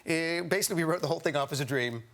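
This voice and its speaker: A middle-aged man from Canada, an actor guest on a chat show, telling lively anecdotes with frequent laughter. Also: a little high, rapid-fire, slight background noise. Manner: animated storyteller, laughing often. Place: television studio with live audience.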